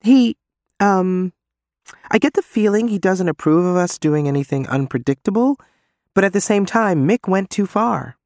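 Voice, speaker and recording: A man's voice: high-pitched, animated, normal speed, a little mellow, no echo, clean studio sound, pitched above the performer's own voice. A man reading as a wry young woman narrator, speaking her lines in a raised voice.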